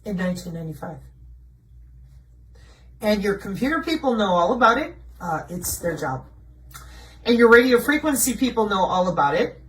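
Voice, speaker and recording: A woman's voice: mid-range voice, sing-song, moderate pace, pauses often, fairly bright tone, distant mic, low-quality recording. A woman presenting slides in a blunt, mocking way, asking herself rhetorical questions and answering them. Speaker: video presenter. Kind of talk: conspiracy commentary over slides.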